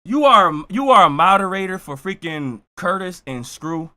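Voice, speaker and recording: A man from Buffalo, New York, streaming live, hyping up his chat with loud, excitable shout-outs. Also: high voice, moderate pace, few pauses. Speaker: streamer reacting to music.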